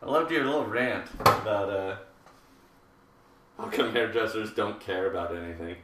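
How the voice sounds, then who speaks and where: A man's voice: on the low side, moderate pace, heavy background noise. A man in his thirties, a hairdresser hosting a live haircutting show, chatting casually and rambling with jokey asides while he works. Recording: roomy, distant live-stream audio.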